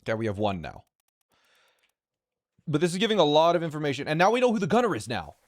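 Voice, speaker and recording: A man streaming a puzzle game, thinking aloud in live commentary, excited and quick to repeat himself. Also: a little high, no echo, studio quality.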